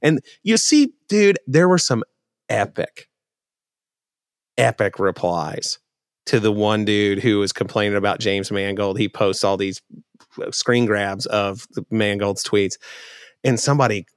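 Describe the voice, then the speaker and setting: Sarcastic low-voiced man, dry mic. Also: measured pace, no echo. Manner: sarcastic, animated storytelling. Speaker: podcast co-host. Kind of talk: casual chat.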